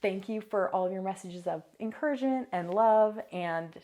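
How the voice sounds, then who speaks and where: A woman's voice: mid-range voice, moderate pace, dark tone. A young woman talking casually to the camera in her vlog, chatty and full of asides. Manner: chatty, many fillers and asides. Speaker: vlogger. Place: new apartment.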